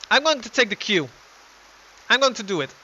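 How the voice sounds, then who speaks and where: Young man, let's play commentary, excitable, bright voice, lo-fi. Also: high voice, brisk. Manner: excitable, thinking aloud. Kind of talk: casual game commentary.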